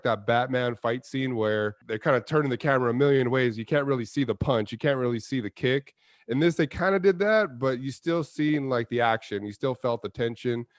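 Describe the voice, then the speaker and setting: A medium-pitched man co-hosts a casual movie review show, rambling in a laid-back way with plenty of fillers. The recording is dry and of studio quality.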